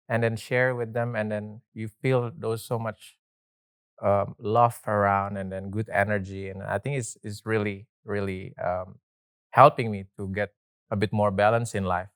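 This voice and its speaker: Trainer guy on a podcast, smooth voice, kinda hesitant, lots of ums, dry close sound. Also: lowish voice, little pitch movement, a little slow, fairly bright tone, dry recording. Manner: hesitant, simple non-native phrasing with many ums. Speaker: personal trainer and celebrant. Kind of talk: casual podcast chat.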